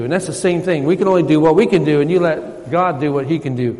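Pastor, man, high-pitched, folksy conversational sermon, long church reverb. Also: quick pace, few pauses, a little mellow. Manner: folksy, conversational preaching with retold dialogue.

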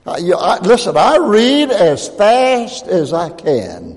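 Folksy old preacher in a reverberant hall. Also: male voice, high-pitched, huge pitch swings, slow pace, a little mellow. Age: 80s. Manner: folksy, joking asides with laughter. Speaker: pastor. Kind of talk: sermon.

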